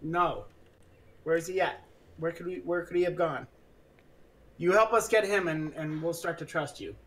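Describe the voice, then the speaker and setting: A man's voice: on the high side, normal speed, fairly bright tone. A man playing a tabletop game, pressing with insistent questions. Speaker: player. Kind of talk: casual tabletop game chat. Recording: distant from the mic.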